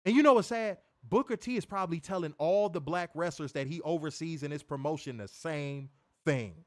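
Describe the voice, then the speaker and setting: A man's voice: fairly high pitch, brisk. A man co-hosting a wrestling review show, ranting casually with frequent swearing and mimicked voices. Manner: animated, swears freely, mimics voices, laughs loudly. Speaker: podcast co-host reviewing wrestling. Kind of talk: casual profane commentary.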